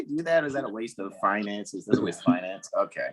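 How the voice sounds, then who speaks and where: A man's voice: lowish voice, expressive, fast, a crowd in the background. A man hosting a casual group video call, joking around, laughing often and drifting into rambling asides. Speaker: host.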